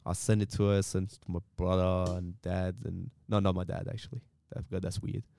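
A man's voice: deep voice, level tone, creaky, warm tone. Chatty, laughing man on a podcast. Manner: laughs often, halting restarts, says "mate". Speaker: podcast co-host. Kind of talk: casual chat.

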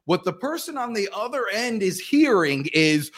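With a high voice at a normal speed, a sales coach from the Southern United States talks animatedly in a guest interview, acting out phone calls by switching among different voices.

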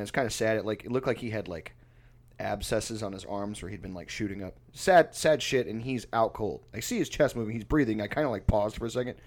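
A man who plays music, telling a rambling, profane story in casual chat and laughing often. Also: on the low side.

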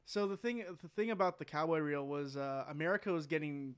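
A man's voice: on the high side, brisk, clear, resonant tone. A man co-hosting a casual movie chat, sharing film history with many ums and uhs. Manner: informative, lists films with fillers. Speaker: podcast co-host.

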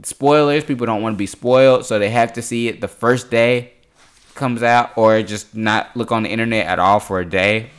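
A man's voice: medium pitch, normal speed, smooth. A young man hosting a podcast in casual, rambling chat, laughing often. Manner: loose, rambling, laughs a lot. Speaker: podcast host.

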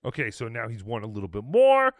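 A man's voice: mid-range voice, wildly swooping pitch, fast talker, no echo. A man hosting a show, giving casual, dry and sarcastic commentary over a clip. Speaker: show host.

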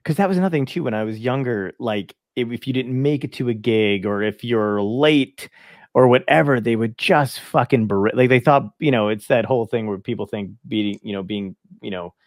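A man's voice: mid-range voice, brisk, dry recording. A male stand-up comedian from Brooklyn telling stories in a casual, profane chat and acting out the voices of people he quotes. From Brooklyn, New York; grew up in New Jersey. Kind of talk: casual podcast chat, storytelling.

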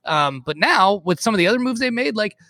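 A man co-hosting a podcast, talking about basketball in an animated, casual way, swearing freely. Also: sits high, fast, dry recording. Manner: animated, swears, says dude. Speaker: podcast co-host. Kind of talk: casual sports talk.

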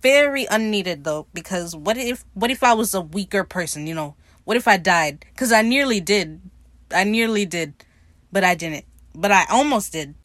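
A woman in mid-register tells an episode's story like gossip to a friend, breaking into laughter and cursing as she goes. She recorded close to the mic in a dry, dead space. Her tone is animated and playful. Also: mid-range voice, moderate pace, no room sound. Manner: animated, laughing often, retelling scenes with playful quoted voices; swearing, sassy commentary. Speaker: recap podcaster. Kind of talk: casual TV episode recap.

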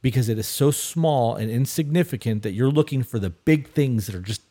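A man's voice: mid-range voice, fairly quick, mellow. Blunt, profane man co-hosting a podcast. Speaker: podcast co-host. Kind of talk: casual advice talk.

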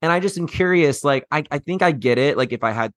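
A man's voice: fairly high pitch, expressive, quick pace, a bit bright, dry recording. A man co-hosting a podcast, chatting in a reasoned, questioning way. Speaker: podcast co-host. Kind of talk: casual chat.

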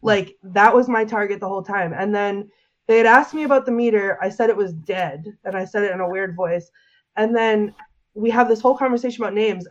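In an interview, a woman tells of a terrifying paranormal encounter, rambling along with constant "like"s and frequent restarts. Her voice sits in the mid range, and the recording has its highs cut off. It's emotional storytelling.

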